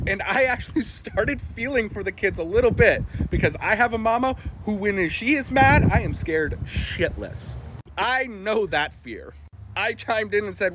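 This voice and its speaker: Man, wry storyteller, laughs as he talks, slightly high voice, faint background hiss. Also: lively intonation, moderate pace, fairly bright tone. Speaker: storyteller in a short video clip. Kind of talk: casual anecdote told to camera.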